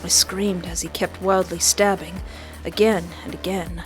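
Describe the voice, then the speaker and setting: Speaking a little slowly in a lowish voice, a woman plays through a horror visual novel and reads its text out loud, with soft music behind her. Her reactions are lively and joking, punctuated by dramatic outbursts.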